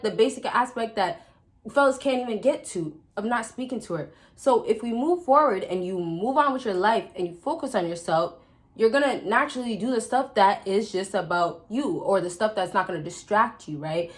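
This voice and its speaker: A woman vlogger giving casual dating advice straight to her viewers, chatty and direct, often calling out to the guys and checking in with a quick question. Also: medium pitch, animated. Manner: chatty, repeatedly addresses "fellas" and checks with "right?". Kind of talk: casual advice talk to camera.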